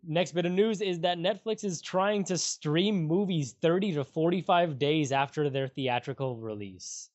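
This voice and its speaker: A man's voice: a little high, normal speed, hardly any pauses, darkish tone. A young man co-hosting a casual podcast, joking and upbeat, laughing often. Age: young adult. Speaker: podcast co-host. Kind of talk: casual chat. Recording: dull lo-fi podcast audio.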